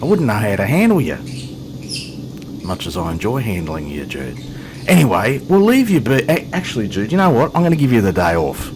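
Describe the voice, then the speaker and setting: A man's voice: lowish voice, wildly swooping pitch, fairly quick, darkish tone, slight background noise. A man hosting a flight simulator video, chatting casually with jokes and self-deprecating asides. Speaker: flight sim video host. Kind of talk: casual gameplay commentary.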